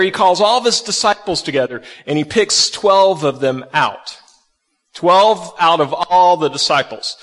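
A man's voice: sits high, fairly bright tone, in a large hall. A man preaching a conversational sermon, asking his listeners questions as he walks through scripture. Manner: conversational, asks the audience questions. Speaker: pastor.

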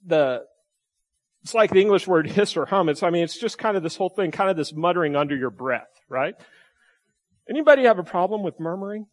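A pastor with a drawl preaches in an easygoing, chatty way, checking in with his listeners with quick questions. His voice sits a bit high for a man, and he keeps it lively. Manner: conversational, asks the congregation questions, animated. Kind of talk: sermon.

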